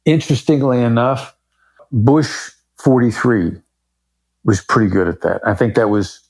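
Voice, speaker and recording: A man's voice: medium pitch, lively intonation, measured pace, a little mellow, slightly rough. A man speaking as a guest in a podcast interview, explaining his points emphatically and varying his pace for effect. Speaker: podcast guest, negotiation expert. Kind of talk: conversational interview.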